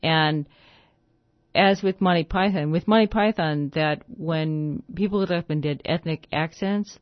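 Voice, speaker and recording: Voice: medium pitch, no echo. American radio host who talks in long asides and thinks aloud on air. Mid-range voice, close dry mic, muffled lo-fi sound. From United States. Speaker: radio host and record presenter.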